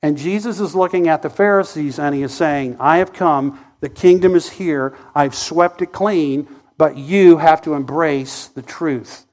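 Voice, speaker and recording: A pastor delivers a Sunday sermon in a fairly high male voice. He tells the story with drama, acting out the voices, swelling loud and then dropping to near quiet. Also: measured pace. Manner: dramatic storytelling, acting out quoted voices, wide swings in loudness.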